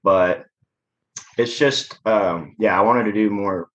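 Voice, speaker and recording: A man's voice: on the low side, takes it slowly, a bit bright, muffled recording. A man, a musician guest talking casually in a laid-back, rambling way. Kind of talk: casual interview chat.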